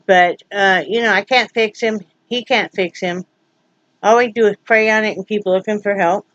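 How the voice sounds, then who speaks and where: A woman's voice: medium pitch, steady tone, normal speed, a bit bright, no echo, dull audio. Rambling, joking woman vlogger at home. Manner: rambling, joking, with many fillers. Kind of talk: casual vlog chat.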